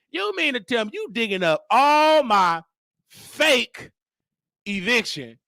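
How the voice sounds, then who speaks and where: A man's voice: sits high, vocal fry, no echo, clean studio sound. A man hosting a show, telling a story in casual commentary and animatedly acting out the exchanges he describes. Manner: animated, acts out quoted exchanges. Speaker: host.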